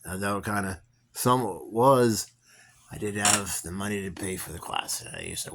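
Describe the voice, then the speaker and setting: A man's voice: lowish voice, measured pace, very noisy. A young man casually telling a personal story to viewers, rambling with many fillers and restarts. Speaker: vlogger.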